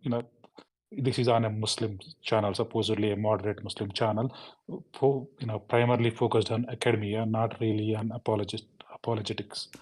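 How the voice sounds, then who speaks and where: Fast, rambling male caller with a flat voice. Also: on the low side. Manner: rapid, rambling, full of "you know" fillers. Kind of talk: phoned-in conversation.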